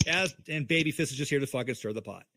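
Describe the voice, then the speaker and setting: A man's voice: mid-range voice, quick pace, fairly bright tone, no echo. A man in a heated livestream chat on a video call, talking in an angry, emphatic, profane way. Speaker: co-host.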